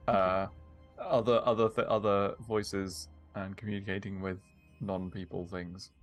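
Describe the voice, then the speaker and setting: A man's voice: low-pitched, level tone, a little slow, soft background music. A man playing a tabletop game, speaking hesitantly with stammers and restarts. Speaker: player. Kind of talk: casual tabletop play.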